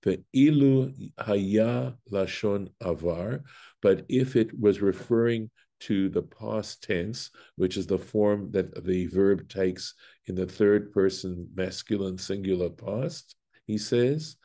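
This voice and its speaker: Low, slow man teaching Bible study. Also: dark tone. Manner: explains step by step, reads Hebrew aloud and translates; pauses with fillers and self-corrections. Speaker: rabbi teaching Torah study.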